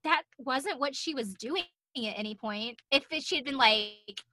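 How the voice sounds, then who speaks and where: A woman's voice: high-pitched, normal speed, bright, forceful tone, no echo. A young woman co-hosting a podcast, chatting casually about a show, swearing and laughing often. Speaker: podcast co-host. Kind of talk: casual recap chat.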